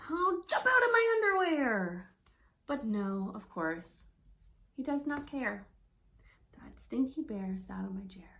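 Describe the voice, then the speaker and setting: A woman voicing a small, frustrated male mouse in a children's storybook, reading with exaggerated emphasis. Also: a little high. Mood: cranky.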